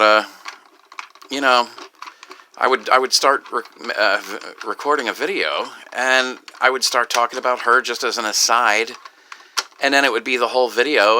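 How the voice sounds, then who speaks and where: A grieving, upset man talking in a rambling personal vlog, halting and profane, with many restarts. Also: medium pitch, bright, forceful tone, slight background noise. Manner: halting, profane, full of restarts and "you know". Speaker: video creator.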